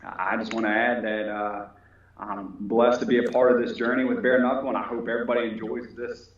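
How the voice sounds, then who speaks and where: A man's voice: medium pitch, little pitch movement, brisk. A polite, humble man talking about his fight training and telling stories in a casual interview. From United States. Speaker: fighter and police officer. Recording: very echoey, dull audio.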